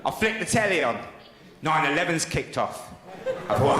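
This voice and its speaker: A man's voice: on the high side, expressive, normal speed, very noisy. A middle-aged man doing stand-up, telling a story conversationally and acting out the other voices. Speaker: stand-up comedian. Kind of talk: stand-up routine. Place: large comedy venue. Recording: echoey live venue with loud crowd.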